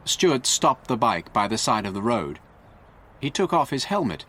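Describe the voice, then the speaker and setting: A man narrating a graded story for English learners in a clear, deliberate way. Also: mid-range voice, sing-song, pushed and bright, a little hiss or hum. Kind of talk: slow scripted story narration.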